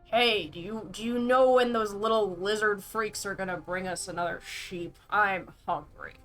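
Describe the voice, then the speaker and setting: A grumbling, grunting monster with a guttural voice and a whiny, demanding way of asking for food, as a woman puts it on. The voice sits at a middling pitch, with faint music in the background. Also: normal speed, fairly bright tone, natural voice. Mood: hungry, grumbling. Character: hungry guttural brute creature.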